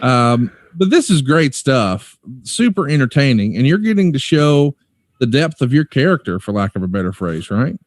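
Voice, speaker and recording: A man's voice: medium pitch, big pitch swings, normal speed, dry recording, clean studio sound. A man co-hosting a casual podcast, eagerly recapping old matches and leading the questions. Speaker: podcast co-host and interviewer.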